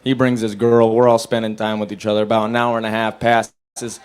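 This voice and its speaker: A young adult man doing a stand-up set at a bar open mic, telling stories in a dry, level voice and breaking into loud acted-out quotes. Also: fairly low pitch, little pitch movement, a little fast, clear, resonant tone. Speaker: stand-up comedian.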